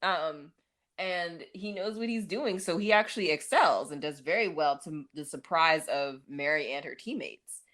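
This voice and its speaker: Woman, podcast co-host, low voice, casual movie recap, chatty with fillers. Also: normal speed, a bit bright. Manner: chatty, many fillers and laughs.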